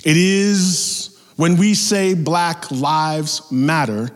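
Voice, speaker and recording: A man preaching a sermon as pastor, talking in a lively, conversational way with acted-out asides. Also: a little high, very slow, big-room sound.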